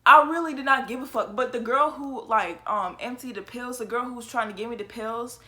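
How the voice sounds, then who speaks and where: A young woman telling a story from her own life in a casual, animated and profane way. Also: on the high side, brisk. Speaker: storytelling vlogger.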